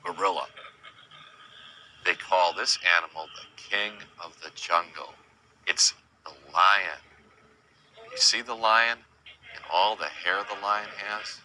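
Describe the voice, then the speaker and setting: A man teaching young children about animals in a slow sing-song way, imitating animal sounds and asking them questions. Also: low-pitched, bright, forceful tone, a little hiss or hum, poor audio. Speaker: children's educator.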